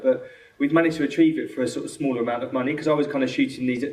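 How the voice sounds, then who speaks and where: Fast-talking man, echoey cinema hall. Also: medium pitch, a little mellow, distant mic. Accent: London English. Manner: fast, rambling, full of restarts and quoted dialogue. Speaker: film director. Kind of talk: Q&A answers after a screening. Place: cinema auditorium.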